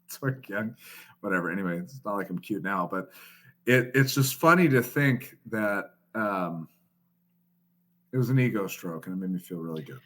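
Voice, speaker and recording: At a normal speed and in a low voice, a man in his thirties shares a story on a podcast. It's casual and animated, peppered with profanity and his own laughter.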